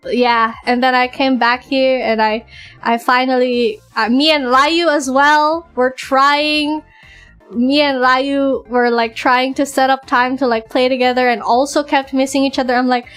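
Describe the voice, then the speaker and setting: A woman streamer chatting casually and excitedly, acting out her own side of conversations in a raised voice. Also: sits high, a little slow, faint music behind. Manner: excitable, animated, quoting others in a raised voice. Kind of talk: casual chat.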